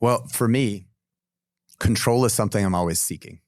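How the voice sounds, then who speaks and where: Pastor, man, deep and earnest, reflective podcast talk, dry room. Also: normal speed, darkish tone, no room sound. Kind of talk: casual podcast discussion.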